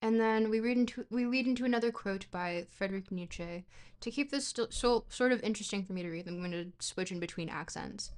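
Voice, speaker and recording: A woman's voice: mid-range voice, fairly quick, hardly any pauses. Chatty woman streamer reading a book aloud. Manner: rambling and playful, with frequent fillers and self-corrections.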